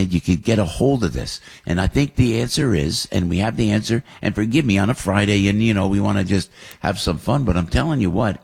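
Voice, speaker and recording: An older man co-hosting a morning radio show, rambling and animated, husky and gravelly as he tells stories. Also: fairly low pitch. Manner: rambling, animated storytelling with restarts. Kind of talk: casual morning radio chat.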